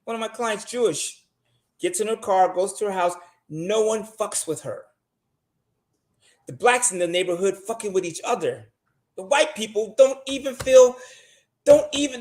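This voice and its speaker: A man's voice: high voice, roomy sound. A man talking casually and bluntly as a show guest, swearing often and pressing his money advice with emphasis.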